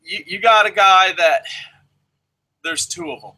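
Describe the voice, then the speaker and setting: A man's voice: high voice, a little slow, pushed and bright, low-quality recording. A man hosting a wrestling preview chat, ranting with heavy swearing and passion. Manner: profane, impassioned ranting. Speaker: host.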